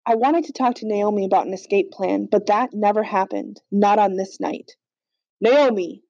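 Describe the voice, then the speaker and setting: A woman reads a fan audiobook with steady, earnest narration. Her voice is mellow and sits in a dry space, with slightly dull, lo-fi audio. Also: medium pitch, normal speed, no echo. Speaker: audiobook reader. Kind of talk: storybook narration.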